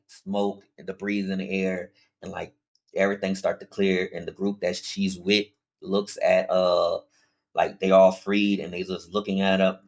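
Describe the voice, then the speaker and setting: A man with a slightly low voice talks through a comic plot in a loose, animated way. He restarts often and talks straight to his viewers in a casual tone. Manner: rambling, animated retelling with many restarts; informal, addresses viewers as y'all. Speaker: comic book reviewer.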